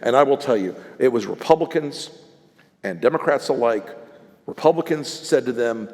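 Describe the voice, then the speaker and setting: Man, mid-pitched, blunt and salty, on-stage storyteller, echoey event hall. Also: expressive, moderate pace, a little mellow. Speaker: guest, political strategist. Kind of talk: live on-stage conversation. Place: event stage before an audience. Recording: live event hall reverb.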